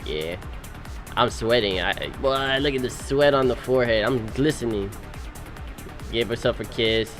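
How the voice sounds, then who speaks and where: A young man, recently married, narrating his wedding photos in animated, slangy, casual storytelling. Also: mid-range voice, faint music behind. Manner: animated, slangy storytelling with quick voice-acted quotes. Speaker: groom.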